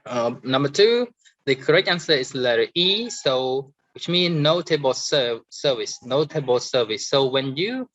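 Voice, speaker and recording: A man with a Cambodian accent teaching an English lesson, hesitant with many fillers, saying sample words louder to show stress. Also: mid-range voice, animated, unhurried, highs cut off. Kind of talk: online grammar and pronunciation lesson.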